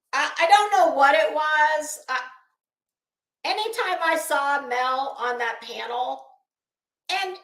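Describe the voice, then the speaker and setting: This woman hosts YouTube commentary, launching into a sassy, fed-up rant for her online audience and elongating words for emphasis. She has a high-pitched, sharp-toned voice, recorded in a reverberant space.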